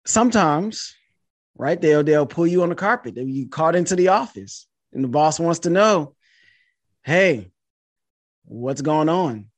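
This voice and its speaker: A man hosting a podcast interview, drawing on his years as a high school teacher before asking his guest a question, often checking in with "right?". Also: expressive, moderate pace, dry recording.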